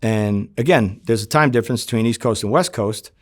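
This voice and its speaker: A man who is a former undercover agent, telling his story in a sit-down interview, profane and lively as he acts out the dialogue. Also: fairly low pitch, brisk, dry recording, studio quality. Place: home in New Jersey.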